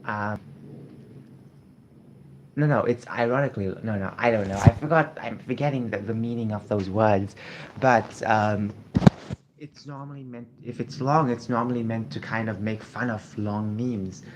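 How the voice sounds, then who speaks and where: A man speaking on a casual vlog while feeling unwell, his voice sitting fairly low. He rambles and hesitates, filling gaps and restarting sentences. A faint hiss sits under the tablet recording. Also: fairly even intonation, moderate pace. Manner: hesitant, many fillers and restarts. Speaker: vlogger. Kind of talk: casual rambling talk to camera. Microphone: tablet streaming.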